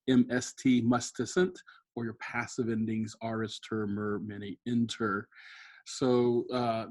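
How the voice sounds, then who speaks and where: A man with a husky, slightly breathy voice teaches a recorded screen-share lesson. His talk is relaxed and unscripted, full of fillers and quick self-corrections as he walks through the material. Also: medium pitch. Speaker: Latin teacher.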